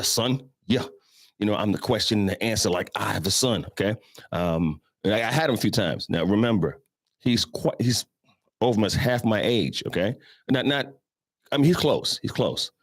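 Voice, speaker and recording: Deep-voiced man, loose and chatty. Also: animated, normal speed, dry recording, clean studio sound. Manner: loose and conversational, addresses listeners as y'all, acts out voices. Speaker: host. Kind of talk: casual storytelling monologue.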